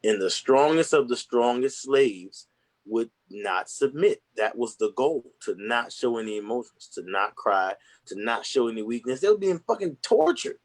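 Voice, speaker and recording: A man's voice: mid-range voice, big pitch swings, normal speed. A man speaking candidly and earnestly in casual conversation, rambling with restarts and slang. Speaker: podcast guest.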